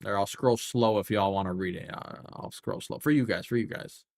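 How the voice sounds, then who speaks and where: A man's voice: on the low side, normal speed, vocal fry, darkish tone, no room sound. A young man streaming a game live, chatting casually and cursing as he thinks aloud through the menus. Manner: profane, rambling, thinking aloud while scrolling menus.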